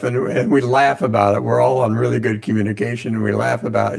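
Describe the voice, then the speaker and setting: A man's voice: medium pitch, little pitch movement, fairly quick, creaky, hardly any pauses. A middle-aged man hosting a podcast, affirming his guest and repeating words as he starts his thoughts. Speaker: podcast host. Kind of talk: podcast interview conversation.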